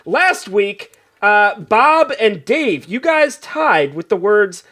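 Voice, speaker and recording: A man's voice: high-pitched, lively intonation, slow pace, few pauses, sharp tone. A young man hosting an improv comedy game show, loose, rambling and often laughing. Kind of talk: casual comedic podcast hosting.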